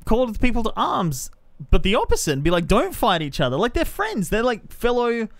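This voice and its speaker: A man co-hosting a podcast, chatting casually about a film and acting out scenes in quick quoted voices. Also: extremely high pitch, vocal fry. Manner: animated, retells scenes in acted-out quotes. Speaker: podcast co-host.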